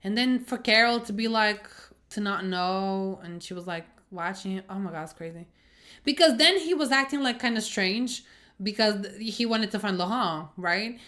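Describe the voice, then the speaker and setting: A young woman recapping and reacting to a TV episode in a casual, animated way, swearing and acting out the scenes. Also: medium pitch, normal speed. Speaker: show reviewer.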